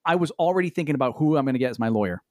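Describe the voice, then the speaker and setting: Animated, exasperated man telling a story. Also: racing, no echo, studio quality. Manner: animated, exasperated, swears a lot, jumps in pitch. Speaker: podcast co-host. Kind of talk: casual storytelling chat. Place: Los Angeles.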